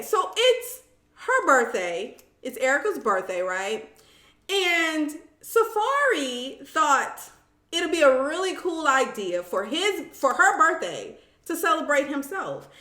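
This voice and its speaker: Woman live-stream host, relaxed unhurried delivery, chatty with viewers, recorded in an echoey room. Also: very high voice. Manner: chatty and animated, talks straight to viewers, reads comments aloud. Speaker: live-stream host recapping a reality show. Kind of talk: casual live-stream chat.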